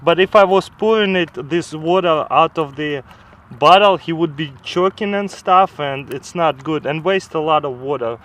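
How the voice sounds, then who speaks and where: A man's voice: on the high side, moderate pace, a bit bright, rough recording. A man filming a casual how-to vlog, enthusiastically showing life hacks in loose, non-native English and chatting to his dog. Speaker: vlogger demonstrating life hacks.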